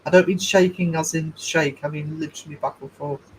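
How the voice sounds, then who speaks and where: A man's voice: a little high, steady tone, a little fast, slight background noise, low-quality recording. A middle-aged man hosting a casual livestream, rambling chattily through stories and replies to his chat. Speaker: livestream host.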